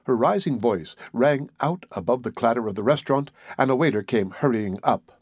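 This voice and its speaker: Husky-voiced male audiobook narrator. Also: medium pitch, moderate pace, dry recording, clean studio sound. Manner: expressive, varied reading.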